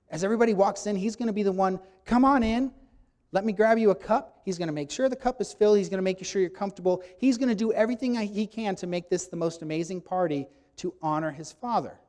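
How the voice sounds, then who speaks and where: Emphatic preacher man, fairly high voice. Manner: emphatic, acts out quotes with sudden loud bursts. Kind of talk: sermon teaching.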